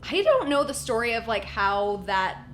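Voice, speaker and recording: A woman's voice: a little high, sing-song, normal speed, fairly bright tone, slight background noise. A woman co-hosting a podcast, chatting casually and telling stories with animation. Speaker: podcast co-host. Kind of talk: casual chat.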